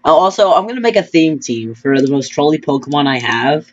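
A man's voice: fairly high pitch, expressive, brisk, muffled recording, over music. A teenage boy chatting casually with a friend while playing a game, joking and trash-talking, his voice cracking often. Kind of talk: casual gaming chat.

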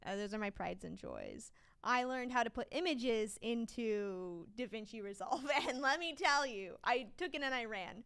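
A woman co-hosting a podcast in casual chat, chatty and quick to laugh, with lots of fillers. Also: on the high side, expressive, creaky, fairly bright tone, smooth. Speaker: podcast co-host.

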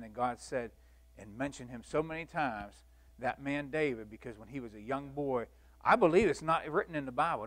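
A man teaching a church Bible lesson in a folksy, animated way, acting out the scenes he tells. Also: mid-range voice. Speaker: Sunday school teacher.

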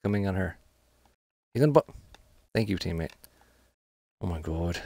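A man's voice: deep voice, animated, moderate pace, vocal fry, long pauses, mellow, dry recording. A man streaming a shooter game, giving frustrated live commentary with trash talk and swearing. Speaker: gaming streamer.

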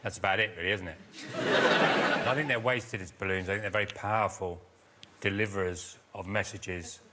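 A man doing deadpan comic bits as a panel show guest. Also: low voice, normal speed. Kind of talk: comedy panel show banter. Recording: noisy studio with laughter.

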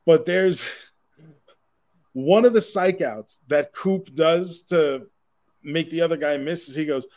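A man's voice: on the high side, takes it slowly, long pauses. A man from Queens, co-hosting a podcast in casual chat and telling stories with laughter and easy swearing. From Queens, New York. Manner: animated storyteller, laughs at his own stories, swears casually. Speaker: podcast co-host. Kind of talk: casual pop culture chat.

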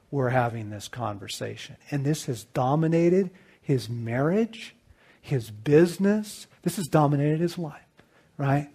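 A middle-aged man telling a personal story as a sermon, swinging between loud bursts and hushed low lines. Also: creaky. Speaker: Christian author and speaker.

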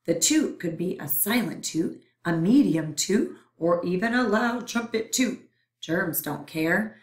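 Woman slowly reading a picture book. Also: lowish voice. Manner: playful, expressive reading for children. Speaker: storyteller. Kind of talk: picture book read-aloud. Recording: roomy echo.

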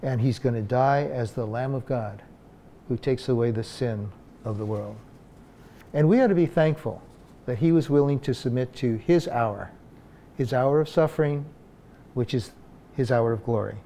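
Male pastor, warm low-toned voice, unscripted sermon delivery, restarts and "uh"s throughout. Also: moderate pace, pauses often, a little hiss or hum. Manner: conversational preaching with frequent fillers and restarts.

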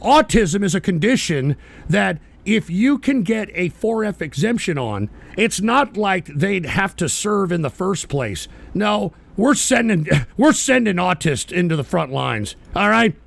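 A man hosting a live stream, yelling and swearing at his audience in an angry political rant on a close mic. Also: high-pitched, sing-song, a little slow, gravelly. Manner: shouting, swearing, berating his chat. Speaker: host of a live call-in stream show.

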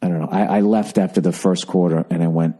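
A man's voice: sits low, steady tone, quick pace, warm tone. A middle-aged man telling a comic story on his podcast, ranting and profane, mocking himself along the way. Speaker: podcast host. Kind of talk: comedic storytelling monologue.

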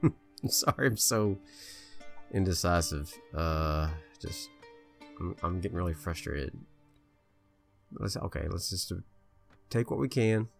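A man casually commentating his own strategy game play, chatty and indecisive, bossing his troops around out loud. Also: deep voice, expressive, slow, vocal fry, long pauses, soft background music. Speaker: gameplay video host.

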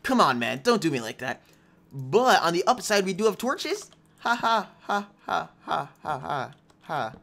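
The speaker is a young man, a gaming YouTuber, providing live commentary as he plays, chatting to himself and to viewers and teasing the other players. His voice sits high and is a bit bright.

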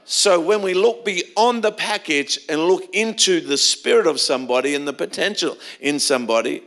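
Conversational middle-aged pastor preaching. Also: male voice, on the high side, moderate pace, a bit bright. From Australia. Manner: conversational, anecdotal preaching with frequent restarts. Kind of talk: sermon. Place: church.

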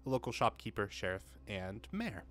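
A man's voice: on the low side, big pitch swings, normal speed, fairly bright tone. A young man casually narrating his gameplay at a home mic, reading dialogue aloud and joking at himself, swearing now and then. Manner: chatty, self-mocking, swears when frustrated. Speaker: let's play gamer. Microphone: home desk mic with pop filter.

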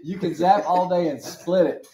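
A man's voice: high-pitched, normal speed, a crowd in the background. A man co-hosting a casual chat show, telling stories and acting out the people in them. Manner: animated storyteller, acts out dialogue. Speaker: show co-host.

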